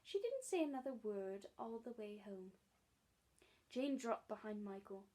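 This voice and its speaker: A librarian reading a children's storybook aloud, stumbling and restarting now and then, lightly voicing the characters. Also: female voice, on the high side, sing-song, a little slow, mellow, low-quality recording. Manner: reads with frequent slips and restarts, voices characters lightly.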